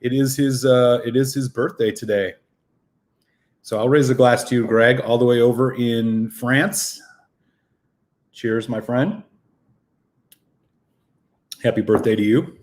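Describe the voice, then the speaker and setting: A man hosting a relaxed live stream, a touch winded from a run. He chats loosely and greets viewers one by one as he reads the chat aloud. His voice sits at an ordinary middle pitch. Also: slow pace, pauses often. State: slightly out of breath after a run.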